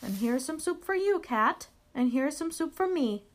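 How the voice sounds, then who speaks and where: A bright, eager little bear cub from a picture book, full of childlike wonder. His voice sits high and swoops about with excitement, put on by a woman reading aloud. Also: moderate pace. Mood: happy. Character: cheerful small male bear cub. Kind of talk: storybook read-aloud.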